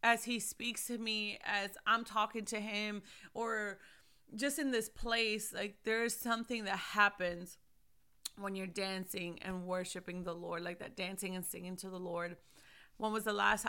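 A middle-aged woman, a mother and ministry leader, preaching fervently and shouting praise. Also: mid-range voice, level tone, measured pace, clear, resonant tone. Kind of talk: sermon.

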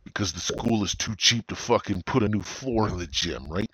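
At a moderate pace, this middle-aged podcast host delivers a foul-mouthed comedic rant in a lowish, fairly bright voice with a breathy edge. He curses constantly and slides into mocking voices.

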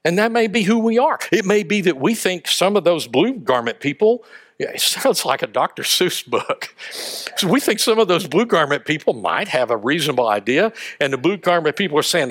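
A man preaching a sermon, telling stories with lively acted-out voices and asides. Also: on the high side, normal speed. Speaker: pastor.

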